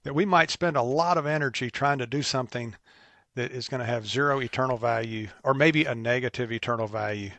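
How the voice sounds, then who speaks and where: A man speaking as a guest in a conversation, earnest and measured. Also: mid-range voice, fairly bright tone, no room sound. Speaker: guest, business owner. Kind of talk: casual conversation.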